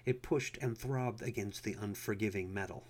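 A man reading an erotic story aloud as narrator, in a low, intimate way. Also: moderate pace, a little mellow.

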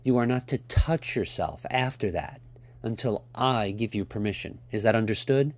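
A man's voice: fairly low pitch, normal speed, darkish tone, no room sound, natural voice. A man voicing a cool, stern and commanding woman as he reads a story aloud, giving clipped orders.

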